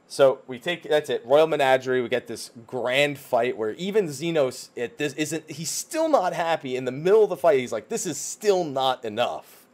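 A man's voice: a little high, lively intonation, moderate pace, few pauses, a little mellow. A man in casual podcast chat, animatedly retelling a game's story and swearing freely. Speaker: podcast co-host. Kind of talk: casual chat recapping a video game story.

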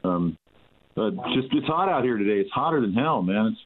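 A man's voice: fairly low pitch, expressive, normal speed. An easygoing man calling in to a show, drawling through casual chat with plenty of "man". His voice sits in the middle range. The call sounds tinny, with a faint hiss behind it. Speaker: guest musician calling in.

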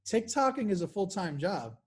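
A woman's voice: mid-range voice, very animated, normal speed. A woman hosting a podcast, asking questions casually with hesitations and filler words. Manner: casual, hesitant, uses like and you know. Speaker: podcast host.

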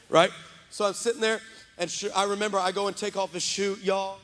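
Man preaching, high voice, animated storytelling, shouting at peaks, long church reverb. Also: quick pace. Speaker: pastor. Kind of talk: energetic storytelling sermon. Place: large church sanctuary.

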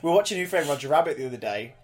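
A man co-hosting a casual podcast chat, animated, laughing often and swearing freely. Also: a little high, rapid-fire, a crowd in the background. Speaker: podcast co-host.

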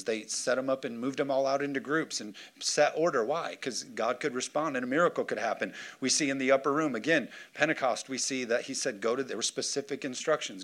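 Man, pastor, lively sermon, jokes, calls for amen, church stage mic. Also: mid-range voice. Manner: lively preaching with jokes and call-and-response. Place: church sanctuary.

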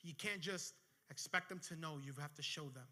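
A man's voice: fairly high pitch, normal speed, bright, forceful tone. A man, a pastor, preaching a sermon and telling a personal story from his workplace with building intensity.

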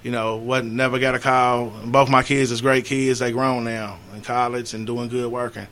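A middle-aged man talking earnestly on a radio show, urging listeners and swinging from loud appeals to quiet, low moments. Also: little pitch movement, moderate pace. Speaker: community organizer and guest. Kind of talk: heartfelt radio talk.

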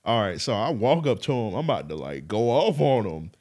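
A man co-hosting a podcast, telling a story in a casual, animated way, laughing often and swearing freely. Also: lowish voice, brisk. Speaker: podcast co-host.

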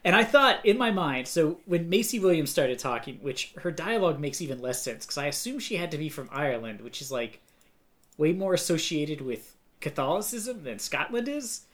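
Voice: mid-range voice, sing-song, normal speed. A podcast co-host with a mid-range voice rambles through casual conversation. The speech is loose and hedging, with frequent fillers and restarts. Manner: rambling, hedges with many fillers.

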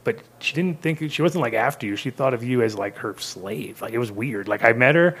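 A man's voice: medium pitch, expressive, a little fast, vocal fry, a bit bright, husky. A middle-aged man in casual podcast chat, rambling through stories and acting out the voices of people he quotes. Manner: rambling storyteller who acts out quoted voices. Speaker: cannabis seed company guest.

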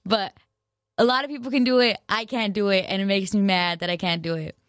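A woman's voice: mid-range voice, fairly even intonation, fairly quick, a bit bright, clean tone, dry recording. Slangy rambling young woman, dry sound. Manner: rambling, slangy, self-mocking, many fillers and restarts. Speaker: vlogger. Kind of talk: casual chat to camera.

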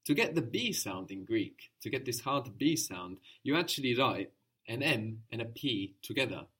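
A man with a mid-pitched voice leads a language lesson. He speaks patiently and encourages his student, breaking each point down step by step. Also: expressive, moderate pace, fairly bright tone, breathy edge. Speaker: language teacher.

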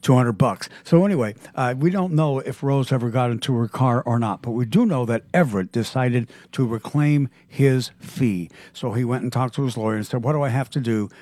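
Animated radio co-host telling a story. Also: male voice, medium pitch, a little fast, hardly any pauses, no room sound. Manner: animated storyteller acting out quotes. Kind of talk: storytelling on a radio talk show.

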